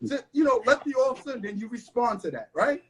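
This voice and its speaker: A middle-aged man, a law enforcement analyst, tells a story from his police work in an animated way, acting out the voices of the people in it. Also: extremely high pitch, quick pace, poor audio. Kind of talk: animated storytelling in a studio interview.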